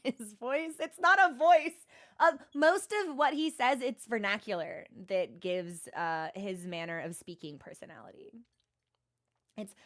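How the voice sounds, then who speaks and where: A young woman talks casually to her stream chat with a slightly high voice. She rambles, second-guesses herself and restarts her sentences, self-deprecating throughout. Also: fairly bright tone.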